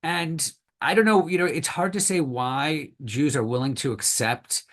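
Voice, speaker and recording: A man's voice: on the high side, a little slow, a bit bright. A male historian being interviewed on a podcast, explaining thoughtfully with many hedges and fillers. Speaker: historian guest.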